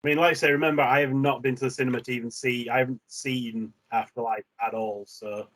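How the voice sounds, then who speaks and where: A man's voice: medium pitch, steady tone, fast, fairly bright tone. A man as a guest in a casual chat, hesitant and blunt with many fillers.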